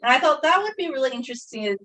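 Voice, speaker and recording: A woman's voice: high-pitched, lively intonation, fast talker, pushed and bright. A young woman chatting casually while painting on a live stream, rambling through a story with lots of fillers like "like". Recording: voice a bit far from the mic.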